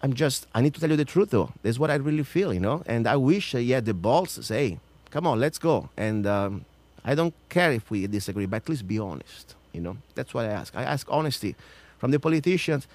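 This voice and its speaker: A man with a non-native accent hosts a political radio show in a fervent, ranting way. His voice sits in a middle register. He punches lines loudly, then sinks to muttered asides. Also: lively intonation, a little fast, hardly any pauses. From outside the United States. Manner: ranting, emphatic, swings from loud to low. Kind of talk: passionate political radio talk.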